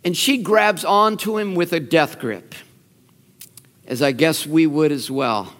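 Slow preaching man in an echoing hall. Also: a little high. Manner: animated storytelling, acts out quotes, laughs. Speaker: pastor. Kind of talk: sermon. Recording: long reverb of a large hall.

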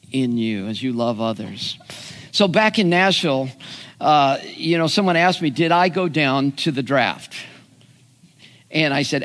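A man's voice: mid-range voice, fairly bright tone, long reverb tail. A man preaching a sermon, retelling a parable in a folksy, storytelling way and acting out the characters' lines. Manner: storytelling with acted voices, folksy asides. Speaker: pastor.

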